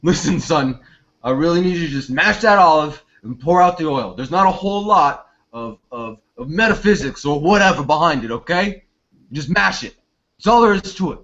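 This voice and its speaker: A brash, blunt morning-show co-host, as a man plays him who has no patience for nonsense and makes his jabs in a high-set voice. The sound is dull and lo-fi, like an online call. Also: lively intonation, normal speed, a bit bright. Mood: stern. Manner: blunt, impatient, breaks into laughter. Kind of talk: improvised comedy scene.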